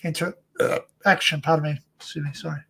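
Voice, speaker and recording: A man's voice: a little high, steady tone, fast, vocal fry, sharp tone, husky. Rambling casual male co-host. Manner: rambling, stumbling restarts, laughs at own stories. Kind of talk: casual chat.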